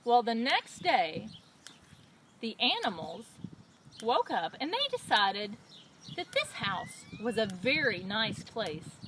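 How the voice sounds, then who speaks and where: A woman librarian reading a story aloud to children in a lively, expressive storytime voice. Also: fairly high pitch, takes it slowly, low-quality recording. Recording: loud background noise.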